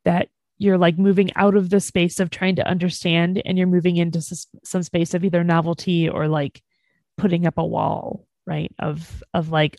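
A woman co-hosting a discussion, explaining her points in a measured way. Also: lowish voice, little pitch movement, creaky, darkish tone, no room sound. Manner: measured, explanatory, light fillers. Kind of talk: conversational discussion.

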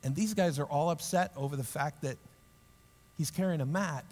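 A man preaching a sermon in a lively, humorous way, acting out the story in voices and then dropping into quiet, earnest reflection. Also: normal speed, long reverb tail. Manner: drops to a low, quiet, earnest tone. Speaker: pastor.

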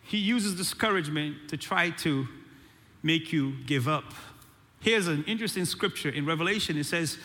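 A man preaching a sermon in an animated way, calling out to the congregation. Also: fairly high pitch, normal speed, in a large hall. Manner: animated preaching with call-and-response. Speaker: pastor.

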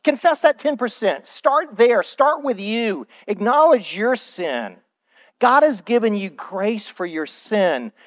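Animated male pastor preaching. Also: sits high, slow. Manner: animated preaching, acts out quoted excuses in a raised voice. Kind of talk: sermon. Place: church.

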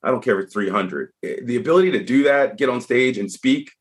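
A man telling a story as a podcast guest in casual conversation, animated and frank, with frequent restarts. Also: mid-range voice, fast.

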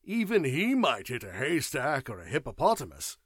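A man's voice: mid-range voice, huge pitch swings, moderate pace, husky, no echo, studio quality, heavily acted. A man doing a blustering boastful aristocrat. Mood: boisterous. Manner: loud, blustering. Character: boisterous, boastful older English politician. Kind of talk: audiobook character voice.

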